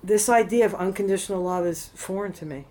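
A woman's voice: mid-range voice, fast, dark tone. A woman telling a personal story in casual conversation, rambling and frank, swearing freely, at a temple. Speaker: interviewee.

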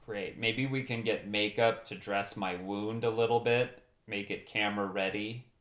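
A man improvising comedy as a bumbling, deadpan handyman host. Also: lowish voice, moderate pace, roomy sound.

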